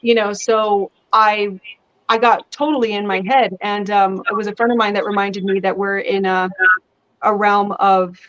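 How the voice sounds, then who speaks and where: A woman guest talking in a casual interview, chatty and lively as she tells stories. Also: mid-range voice, dull audio. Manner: chatty, animated storytelling with laughs. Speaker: guest actress.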